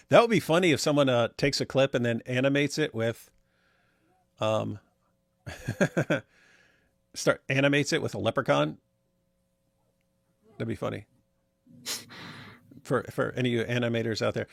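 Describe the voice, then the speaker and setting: A man's voice: medium pitch, normal speed, vocal fry, pauses often, no echo. Man, livestream co-host, casual chat, rambling, wry, dry close mic. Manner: rambling, wry, many restarts. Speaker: livestream co-host reading super chats.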